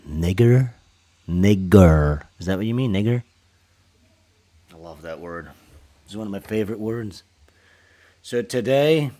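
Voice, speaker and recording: A man hosting a casual livestream, talking in a crude, rambling, joking way with sudden loud bursts into a small studio microphone. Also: mid-range voice. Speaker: livestream host.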